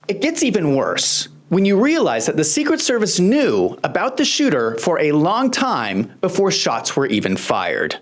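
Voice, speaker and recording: Host for scripted commentary: indignant, sarcastic, big pitch swings. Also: huge pitch swings, moderate pace, hardly any pauses.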